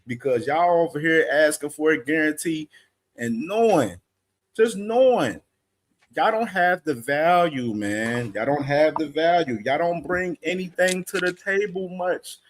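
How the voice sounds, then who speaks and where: A man's voice: on the high side, lively intonation, measured pace. Laid-back man co-hosting, casual slang. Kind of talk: live-stream commentary.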